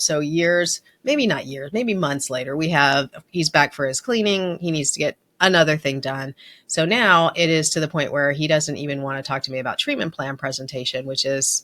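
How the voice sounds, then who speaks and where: A woman's voice: sits low, a bit bright. A middle-aged woman hosting a podcast, telling a work story in a candid, self-deprecating, conversational way. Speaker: podcast host and dental practice speaker. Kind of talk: storytelling monologue.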